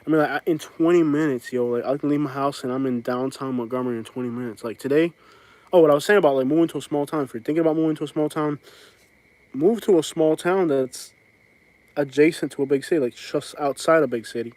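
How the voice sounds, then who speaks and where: Outdoors on his rural property, a vlogger hosts a live stream and rambles casually, full of fillers and restarts. His voice sits on the high side, moves quickly and has a darkish tone, and the recording is dry.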